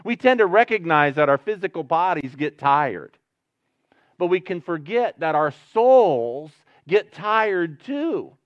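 A man preaching in a fairly high voice, earnest and moving between hushed and emphatic. The recording sounds a little dull and dry, close and without room echo. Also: lively intonation, slow pace. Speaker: pastor. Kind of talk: sermon.

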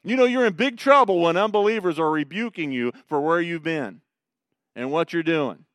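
Middle-aged guy preaching, smooth voice, dead dry mic, goes quiet then punches lines loud. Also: fairly high pitch, normal speed, no room sound. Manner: swings from hushed to loud and emphatic; repeats phrases for emphasis. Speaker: pastor. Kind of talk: sermon with scripture reading.

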